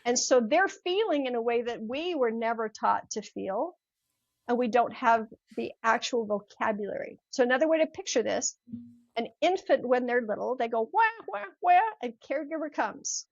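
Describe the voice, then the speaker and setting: As a guest on a podcast, an older woman who coaches mindset tells a personal story at a moderate pace in a fairly high voice, animatedly acting out the voices involved. The recording is dry and the audio dull.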